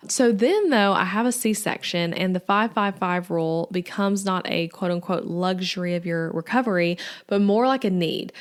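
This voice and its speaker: A young woman with a drawl hosts her own podcast and talks through it in a relaxed, chatty way. She fills her speech with likes and ums and sounds friendly and conversational. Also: on the low side, moderate pace. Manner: chatty, lots of "like" and "um". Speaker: podcast host. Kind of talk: casual solo podcast talk.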